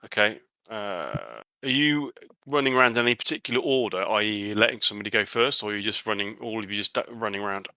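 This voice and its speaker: A man narrating a tabletop horror game as game master, halting often with fillers and restarts. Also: on the low side, sharp tone, dry recording, low-quality recording.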